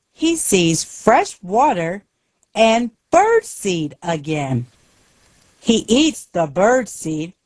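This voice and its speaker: A woman reads a simple graded-reader story in short, plain sentences. She speaks extremely slowly and with a lively, rising and falling melody, recorded close and dry. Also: fairly low pitch, no echo. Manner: very slow, deliberate, simple sentences. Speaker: narrator.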